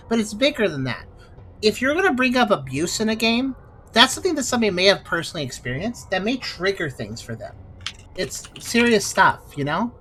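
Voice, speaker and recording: A woman's voice: mid-range voice, a bit bright. A woman giving casual, sarcastic commentary while playing a video game. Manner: sarcastic, critical. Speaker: let's play host.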